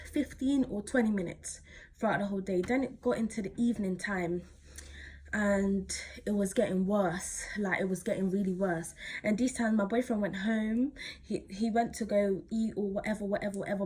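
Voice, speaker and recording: A woman's voice: mid-range voice, darkish tone, husky. A teenage woman, telling a personal story casually to camera, rambling with lots of fillers and slang. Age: teens. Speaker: vlogger.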